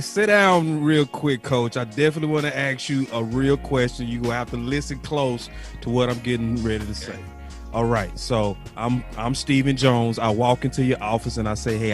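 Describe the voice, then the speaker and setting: A man's voice: mid-range voice, moderate pace, soft background music. A man hosting a sports podcast, playfully acting out a mock office scene as he quizzes a coach. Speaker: podcast host. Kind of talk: casual sports talk, playing out a scenario.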